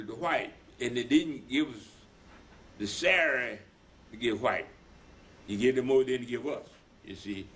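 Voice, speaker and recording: A man's voice: fairly low pitch, fairly bright tone, slight background noise. Older man telling his life story. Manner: rambling, retells dialogue in voices. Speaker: veteran being interviewed. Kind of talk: oral history storytelling.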